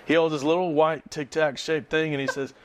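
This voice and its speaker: A man's voice: fairly high pitch, steady tone, a little fast, noisy background. A man, a teacher, chatting casually and telling stories with a dry, joking manner. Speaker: podcast co-host, teacher. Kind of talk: casual chat.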